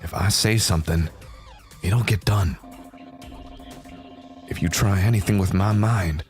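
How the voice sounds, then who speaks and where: A man voicing a brash, cocky young male gang leader in his twenties, shouting and swaggering in a wobbly put-on Southern drawl. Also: low-pitched, measured pace, faint music behind. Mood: boastful, threatening. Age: 20s.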